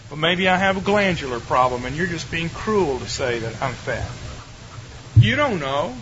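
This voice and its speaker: A man's voice: fairly high pitch, big pitch swings, normal speed. Wry older man lecturing, lo-fi hiss. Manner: conversational, wry, speaks directly to listeners with rhetorical questions. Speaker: theology lecturer. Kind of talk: classroom lecture to a live audience.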